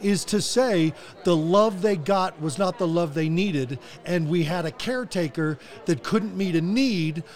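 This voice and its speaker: Man, podcast host, high-pitched, halting, repeats words. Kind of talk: casual interview.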